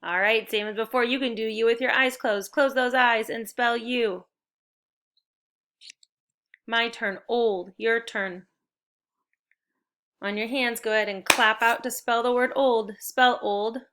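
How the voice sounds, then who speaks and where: A woman with a bright, crisp voice teaches spelling to young children. She is upbeat and encouraging and walks the class through each step clearly. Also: fairly high pitch, fairly even intonation, a little slow, long pauses.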